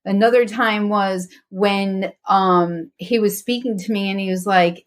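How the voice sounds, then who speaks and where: A woman's voice: medium pitch, steady tone, measured pace, few pauses. A woman guest on a faith podcast, talking earnestly and reflectively about her journey, with frequent restarts.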